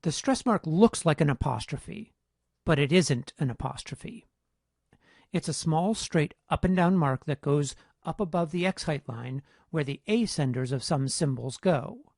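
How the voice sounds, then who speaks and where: Man giving a measured phonetics lecture. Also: fairly high pitch, lively intonation, vocal fry, a little mellow, dry recording, clean studio sound. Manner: measured, explanatory teaching tone. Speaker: linguistics instructor.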